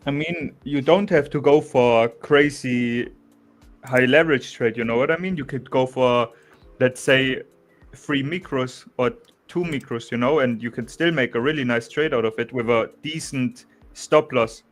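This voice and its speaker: A young man with a German accent, chatting casually about trading, relaxed, restarting sentences and saying "bro" a lot. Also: mid-range voice, normal speed. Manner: relaxed, restarts often, says "bro" and "you know". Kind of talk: casual chat.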